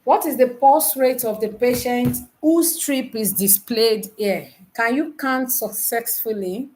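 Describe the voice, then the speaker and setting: A woman tutoring nurses in a live online lesson, teasing her students and quizzing them with repeated questions, counting aloud slowly. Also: a little high, darkish tone, a little hiss or hum. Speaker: nursing exam tutor.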